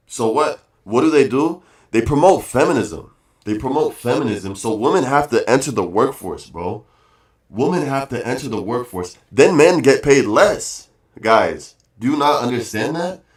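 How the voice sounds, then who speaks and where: A man streaming a casual rant, emphatic and repetitive, calling his viewers guys and bro, with fillers between points. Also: fairly low pitch. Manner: emphatic, repeats phrases, says bro and guys often.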